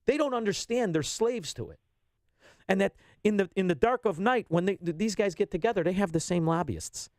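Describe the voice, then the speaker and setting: A man, ranting bluntly as a radio guest and swinging between loud bursts and low asides. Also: animated, a little fast, no room sound, clean studio sound. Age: 50s. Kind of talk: heated political radio talk.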